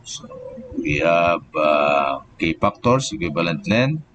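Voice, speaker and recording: A deep-voiced man teaches an engineering class live, in no hurry. He talks in halting steps and keeps saying "okay" and "so". A faint hiss sits under his voice. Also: very animated, a bit bright, highs cut off. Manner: slow, halting explanation with many "okay" and "so" fillers. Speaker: engineering professor. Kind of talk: live online lecture.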